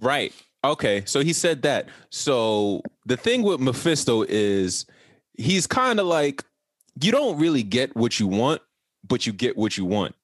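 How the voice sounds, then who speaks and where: Caribbean-born male podcast co-host, lively swooping delivery, dry close mic. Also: mid-range voice, measured pace, no room sound. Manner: animated storytelling, laughs often, profane. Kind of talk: casual podcast banter.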